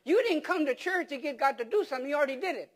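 High-voiced man preaching with emphatic questions. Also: expressive, very fast. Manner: repeats words and restarts phrases for emphasis. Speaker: pastor. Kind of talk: sermon.

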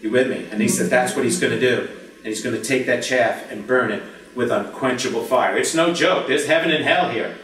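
A man preaching a lively, conversational sermon as pastor, joking with the congregation and breaking into shouts. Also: medium pitch, a little fast, recorded from a distance. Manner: animated, jokey, bursts into shouts. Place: church sanctuary. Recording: echoey church from the back.

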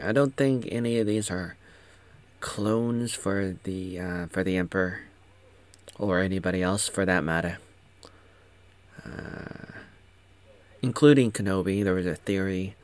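A man giving casual, sarcastic commentary, rambling with many restarts. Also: deep voice. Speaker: show recap commentator.

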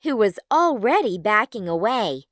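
A woman narrating a children's storybook clearly for learners. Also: medium pitch, big pitch swings, moderate pace, fairly bright tone, dry recording, clean studio sound.

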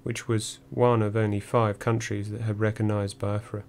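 A man reading a first-person memoir audiobook in a measured, dry storytelling manner. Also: fairly low pitch, flat delivery, creaky, a little mellow, a little hiss or hum. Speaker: audiobook narrator.

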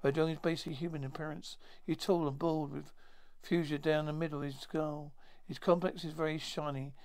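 A man retelling a science fiction episode aloud in a halting way, with many restarts and self-corrections. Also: on the high side, little pitch movement, darkish tone. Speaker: storyteller.

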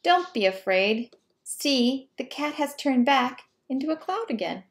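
A woman voicing a gentle, reassuring mother mouse in a children's storybook, soothing and patient. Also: high-pitched, very animated, a little slow, voice pushed up, heavily acted.

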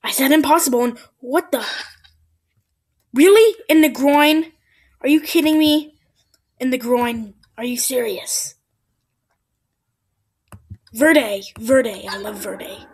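Woman, let's play commentator: excitable, high and slightly husky, prone to whispered asides. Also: slow pace, pauses often. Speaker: gameplay commentator.

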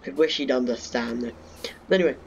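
Gravelly young gamer chatting. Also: male voice, mid-range voice, quick pace, darkish tone, lo-fi sound, slight background noise. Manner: chatty, talks to viewers while playing, self-mocking asides. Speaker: gaming YouTuber. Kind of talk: casual let's-play commentary. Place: home bedroom.

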